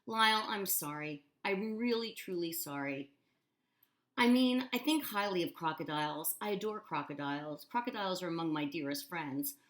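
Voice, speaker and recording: A woman's voice: on the low side, expressive, normal speed, a bit bright. A woman reading aloud and voicing a theatrical, fussy grown man showman in a storybook, dramatic and wheedling. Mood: apologetic.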